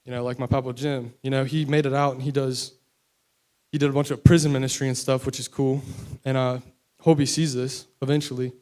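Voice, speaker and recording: Here a young adult man from West Virginia speaks briskly about his own recovery in a rambling, candid testimony full of fillers. His medium-pitched voice is a little mellow and shows little pitch movement.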